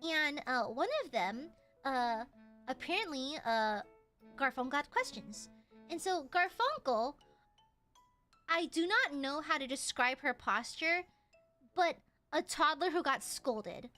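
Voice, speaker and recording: Animated, high-voiced woman streamer. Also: takes it slowly, long pauses, soft background music. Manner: animated, exclaiming, swears freely. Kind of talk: casual storytelling on a live stream.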